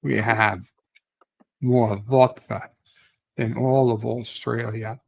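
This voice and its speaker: A boastful Russian man, as a man puts him on in a put-on Russian accent. He speaks slowly with a gravelly, creaky voice. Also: medium pitch, level tone, low-quality recording. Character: boastful Russian man bragging about vodka.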